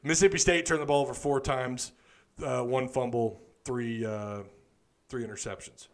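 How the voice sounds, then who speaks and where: A man's voice: mid-range voice, steady tone, normal speed. A man hosting a casual live postgame talk, tired and rambling as he talks to viewers. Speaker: podcast host.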